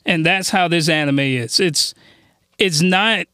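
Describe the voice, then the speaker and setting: Excited young man reviewing anime. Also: fairly high pitch, slow, clear, resonant tone, dry recording, studio quality. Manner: enthusiastic, laughing, lots of restarts. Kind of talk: casual review chat.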